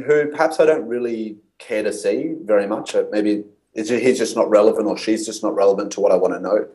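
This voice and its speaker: A man's voice: fairly low pitch, a little mellow, rough recording. A man, a guest in an interview, telling stories and acting out past conversations. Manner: storytelling, acts out his own past dialogue. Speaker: guest copywriter.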